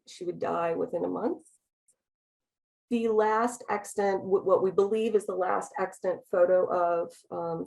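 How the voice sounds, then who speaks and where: A woman giving an academic talk about slides, speaking quickly with many ums and restarts. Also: lowish voice, creaky, a little mellow, poor audio. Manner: speaks fast. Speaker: lecturer.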